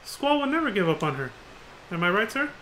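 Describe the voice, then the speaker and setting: Dude reading a polite eager young sidekick, high bright voice. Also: male voice, very animated, fairly quick, slight background noise, heavily acted. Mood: reassuring. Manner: earnest, tags sentences with "sir".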